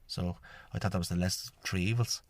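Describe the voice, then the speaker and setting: Speaking fairly quickly with fairly even intonation, this low-pitched Irish man is heard with no echo. He's a podcast host and shamanic healer from Ireland whose rambling monologue about his own life keeps returning to "I says" as he recounts talks with others.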